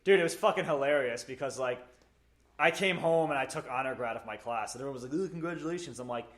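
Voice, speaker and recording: A man's voice: medium pitch, fast talker, a bit bright. Dude on a podcast telling stories, swears constantly, gets fired up, trips over his words. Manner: heated, profane storytelling, stammers on restarts. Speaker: guest, military veteran. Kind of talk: casual interview chat.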